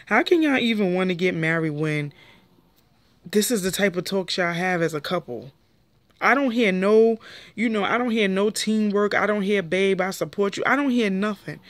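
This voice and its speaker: A woman's voice: moderate pace, no room sound. Opinionated young woman recapping a TV show, dry sound. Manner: animated, opinionated, jumps pitch when quoting people. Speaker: show reviewer. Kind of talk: casual TV recap commentary.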